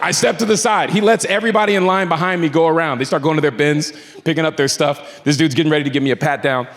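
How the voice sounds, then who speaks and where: A man's voice: on the high side, fast, fairly bright tone, slight background noise. A man doing a stand-up comedy set in a club, telling a story with acted-out quotes and growing exasperation. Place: comedy club stage before a live audience. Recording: roomy hall with a laughing crowd. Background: crowd laughter.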